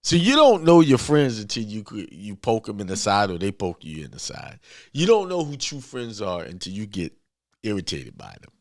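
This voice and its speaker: Man, informal sermon, blunt and repetitive, very lively pitch. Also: moderate pace, no room sound, studio quality. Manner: emphatic, repetitive, talks straight and blunt. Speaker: spiritual speaker.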